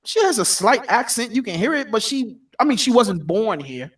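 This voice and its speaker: A man co-hosting a podcast, defending himself in heated casual banter, animated and profane. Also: sits high, normal speed, breathy edge, recorded from a distance. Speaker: podcast co-host.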